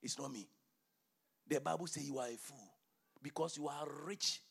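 A man preaching a sermon and reading scripture, emphatic, quizzing the congregation, swinging from shouts to hushed near-whispers. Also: on the high side, normal speed, creaky, breathy edge. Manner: emphatic, call-and-response questions to congregation.

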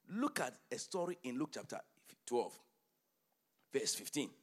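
A man preaching a sermon and reading scripture, emphatic, quizzing the congregation, swinging from shouts to hushed near-whispers. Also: fairly high pitch, very animated, unhurried. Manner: emphatic, call-and-response questions to congregation.

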